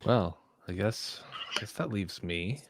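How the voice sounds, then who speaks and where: A man's voice: lowish voice, expressive, unhurried, creaky, a little hiss or hum. A man chatting casually and joking as a player at a tabletop game.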